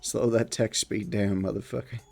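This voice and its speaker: A man's voice: fairly low pitch, fairly even intonation, normal speed, vocal fry, a little mellow. Guy casually streaming a game, chatty and jokey, faint music behind. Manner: chatty, joking, reads game text aloud. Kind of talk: casual game playthrough commentary.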